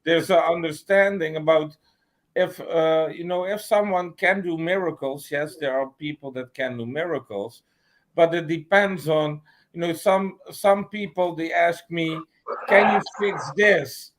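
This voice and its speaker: A man from the Netherlands who works as a healer, speaking slowly in a halting way with many fillers on a live panel. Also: fairly high pitch. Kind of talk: panel discussion.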